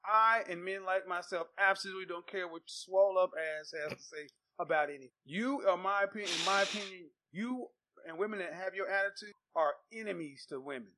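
A man's voice: high-pitched, brisk, sharp tone. A man hosting a dating-advice talk show, talking in a profane, combative way.

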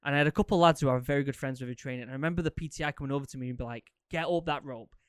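A man's voice: medium pitch, racing, clear, resonant tone, no echo, clean studio sound. Chatty man telling war stories. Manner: rambling, animated, lots of fillers and repeats. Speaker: podcast host. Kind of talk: casual storytelling, answering listener questions.

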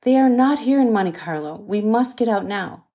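A woman's voice: on the high side, expressive, normal speed, mellow, voice pushed up, lightly acted. A woman voicing a nurse speaking firmly and urgently in a crisis, in an audiobook. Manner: firm, urgent. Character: calm but urgent young female nurse.

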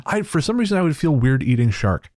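A man co-hosting a podcast, talking in a halting way with restarts and self-deprecating laughs. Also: a little high, sing-song, darkish tone, no room sound, clean studio sound. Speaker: podcast co-host. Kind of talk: casual chat.

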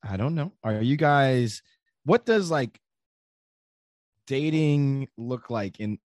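A man hosting a podcast, asking playful questions in a halting way. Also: medium pitch, expressive, no room sound. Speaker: podcast host. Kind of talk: casual conversation.

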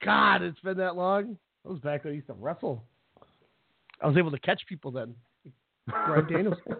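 A man's voice: on the high side, normal speed, gravelly, husky, no echo. A man co-hosting a casual wrestling podcast, rambling through stories and laughing often. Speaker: podcast co-host. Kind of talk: casual wrestling fantasy draft chat. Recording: tinny phone-line audio, dry.

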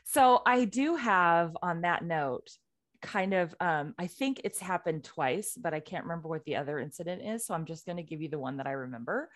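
Her voice on the low side and her speed normal, the co-host spins a story during laid-back podcast chatter, animatedly voicing each quote.

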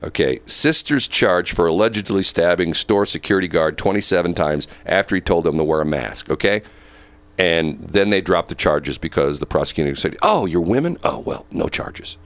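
Deep gravelly older man, radio host. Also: normal speed, a bit bright, no echo. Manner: storytelling, boisterous, repeats words. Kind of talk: casual morning radio banter. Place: radio studio. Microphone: studio microphone.

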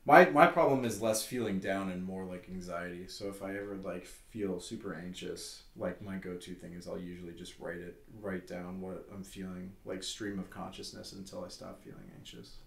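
A young man talking casually and haltingly, with lots of fillers. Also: low voice, fairly even intonation, vocal fry, recorded from a distance. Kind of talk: casual chat. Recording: echoey room.

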